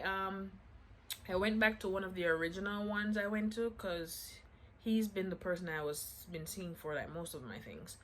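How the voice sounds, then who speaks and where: A woman's voice: mid-range voice, slight background noise. A woman vlogger telling a casual storytime to her viewers in a chatty way, full of "like" fillers and self-mocking asides.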